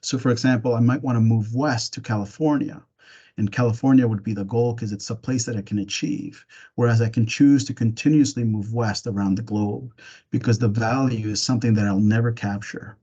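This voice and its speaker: A man presenting a parenting webinar, gently walking listeners through reflective questions in a casual way with some fillers and restarts. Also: mid-range voice, brisk, breathy edge, lo-fi sound. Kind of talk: reflective webinar talk with guided imagery.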